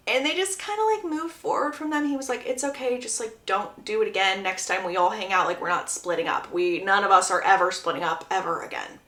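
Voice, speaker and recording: A woman's voice: on the high side, lively intonation, brisk, bright, forceful tone, roomy sound. A woman casually retelling a book's plot, chatty and acting out the quotes. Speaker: book summary creator.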